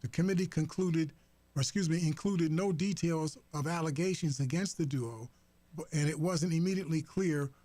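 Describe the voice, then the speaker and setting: A man hosting a talk radio program, commenting on the news in a halting way, full of fillers and restarts. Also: on the high side, dark tone, no echo. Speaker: radio host. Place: radio studio. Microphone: studio microphone.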